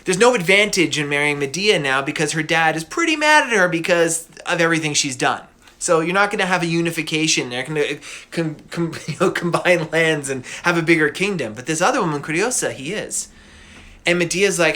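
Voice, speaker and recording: A man casually retelling a myth as a podcast host, animated and slangy with laughing asides. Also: on the high side, a little fast.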